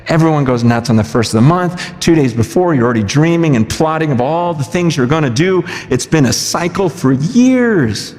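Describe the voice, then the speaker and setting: A man preaching a sermon, telling a story in a lively, conversational way that breaks into shouts. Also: on the high side, normal speed, few pauses, long reverb tail. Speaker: pastor.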